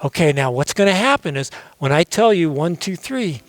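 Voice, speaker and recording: A man's voice: on the high side, sing-song, normal speed, dry recording. A man voicing a patient mother eagle who coaxes and reassures her chick. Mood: reassuring. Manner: coaxing, reassuring.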